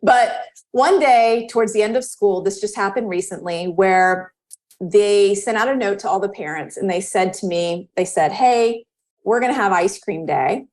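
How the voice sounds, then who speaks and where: A woman in her thirties talks as a podcast guest, telling a story from home life in a relaxed, conversational way. She slips into other people's voices as she quotes them, and her pitch jumps high with each one. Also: normal speed. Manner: animated, acts out quoted dialogue with pitch jumps. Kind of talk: casual storytelling in an interview.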